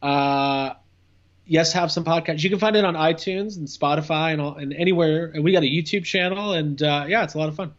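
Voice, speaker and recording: A man's voice: a little high, a little fast, muffled recording. A man chatting as a podcast guest, rambling and playful with lots of fillers. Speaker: podcast guest, cousin of host. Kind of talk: casual comedic chat.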